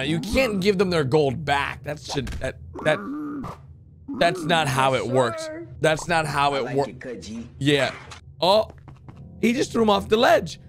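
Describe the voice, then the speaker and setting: A man hosting a reaction video, excitedly commenting and cheering characters on with loud exclamations. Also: a little high. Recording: music playing under the voice.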